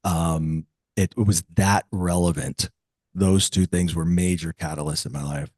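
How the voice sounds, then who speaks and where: An unhurried, low-pitched man in his fifties, a metaphysical teacher, shares a personal tale as a guest on an interview. He is contemplative, becoming energetic when he quotes others; the audio has no room sound.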